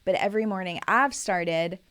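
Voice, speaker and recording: A woman in her thirties co-hosting a podcast, telling practical stories in a relaxed, casual way. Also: mid-range voice, moderate pace. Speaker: podcast co-host. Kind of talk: casual chat.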